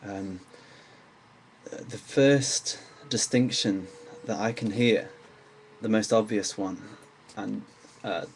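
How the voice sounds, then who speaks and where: Young English male, low register, casual and halting teaching delivery, faint background hum. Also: rough recording. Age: young adult. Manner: hesitant, lots of ums, slows to demonstrate words. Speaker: accent teacher. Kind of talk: casual pronunciation lesson.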